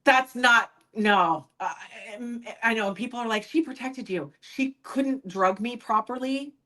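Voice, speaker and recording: A woman's voice: a little high, a little slow, sharp tone, poor audio. A woman guest on a podcast, speaking candidly about her past and acting out other people's lines when she quotes them. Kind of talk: personal storytelling in an interview.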